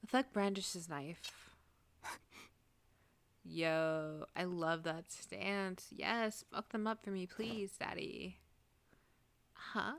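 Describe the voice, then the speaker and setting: A woman's voice: lowish voice, slow, pauses often, smooth, no echo. A woman streaming a game, reading its dialogue aloud and breaking into crude, joking outbursts. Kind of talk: casual gameplay commentary and reading.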